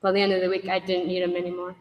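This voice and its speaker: A woman with a lowish voice tells her recovery story to a meeting at a rapid-fire clip, plain and candid but completely flat in delivery, raising her voice to act out dialogue. The lo-fi sound comes from a distance in a big, echoey hall used as a meeting room.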